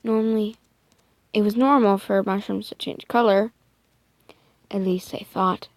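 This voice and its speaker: A woman narrating a made-up first-person story in a soft, hesitant way. Her voice has a gravelly fry and she speaks slowly. She often dips into a near-whisper and corrects herself mid-line. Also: medium pitch, fairly even intonation, no room sound.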